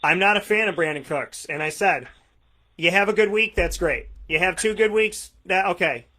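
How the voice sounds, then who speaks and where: A man co-hosting a fantasy football radio show, talking in an animated, emphatic way and addressing listeners as folks. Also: high voice, moderate pace. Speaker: co-host.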